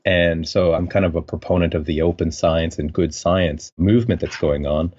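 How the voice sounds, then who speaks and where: A man from French Canada, a scientist, talking in a relaxed, rambling way as a podcast guest. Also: low voice, normal speed, highs cut off. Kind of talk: conversational interview.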